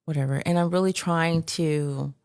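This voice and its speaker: A woman's voice: sits low, fairly even intonation, moderate pace, darkish tone, dry recording, studio quality. A middle-aged woman, an interview guest, recounting her past in a conversational, matter-of-fact way with many fillers. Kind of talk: casual interview storytelling.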